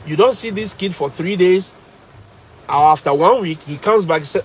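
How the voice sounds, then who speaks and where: A man with a Ghanaian English accent, working as a teacher, tells his stories to live viewers. He speaks in a slightly high voice. His delivery is animated and emphatic, and he repeats phrases to drive each point home. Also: moderate pace, husky. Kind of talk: casual storytelling to live viewers.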